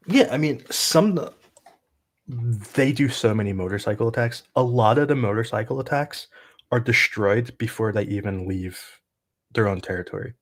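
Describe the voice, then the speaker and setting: A man's voice: medium pitch, normal speed. A man who is a guest analyst on a livestream, explaining things casually and using "like" often.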